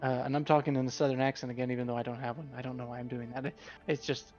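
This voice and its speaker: A man's voice: mid-range voice, level tone, very fast, over music. A man playing a tabletop game, rambling in a self-conscious way. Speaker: player. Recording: dull lo-fi mic.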